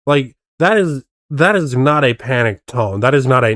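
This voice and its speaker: A man's voice: mid-range voice, expressive, normal speed, hardly any pauses, a bit bright, no echo, clean studio sound. A man streaming casual reaction commentary, skeptically picking apart how a video was faked. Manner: skeptical, picks apart tricks.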